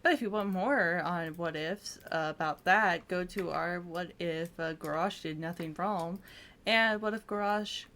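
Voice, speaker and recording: A woman with a fairly low voice holds a relaxed chat about game lore. She wanders through her points, pausing on ums and restarting her sentences as she goes. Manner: chatty and meandering, with frequent ums. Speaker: co-host of a video game lore channel. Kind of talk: casual chat.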